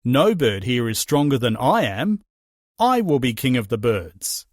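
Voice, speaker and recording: A man's voice: mid-range voice, very animated, unhurried, no room sound, studio quality. A man voicing a proud, boastful male eagle in a storybook reading, raising his voice to brag. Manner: bragging, raised voice.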